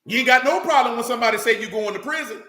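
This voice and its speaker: High, bright-voiced preacher in an echoey room. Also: male voice. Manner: preaching to a congregation, reading scripture aloud slowly, rhetorical questions. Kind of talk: sermon. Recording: echoey room with faint noise.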